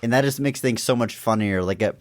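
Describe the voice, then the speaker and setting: A man with a fairly low voice co-hosts a casual podcast chat. He talks in a relaxed, measured way, with plenty of ums and restarts. His sound is dry and close to the mic. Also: no echo. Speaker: podcast co-host.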